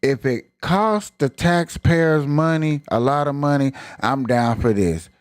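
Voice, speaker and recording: A man's voice: a little high, slow, no echo, studio quality. A man hosting a live stream, ranting in emphatic, colloquial casual commentary.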